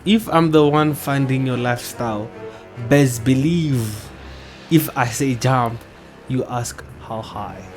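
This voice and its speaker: A man's voice: mid-range voice, takes it slowly, soft background music. A man hosting, giving casual blunt commentary and arguing back at clips. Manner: blunt, argumentative, keeps saying bro. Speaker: host.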